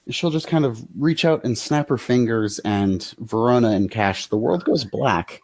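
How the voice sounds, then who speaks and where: A man narrating a tabletop game as game master, in a dry, deliberate way. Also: medium pitch, darkish tone, no room sound.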